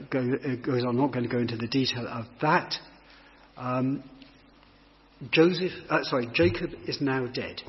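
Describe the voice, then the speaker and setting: Man preaching in a reverberant hall. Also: medium pitch. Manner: reflective, reads scripture then comments on it. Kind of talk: sermon explaining a Bible passage. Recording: long hall reverb, dull lo-fi sound.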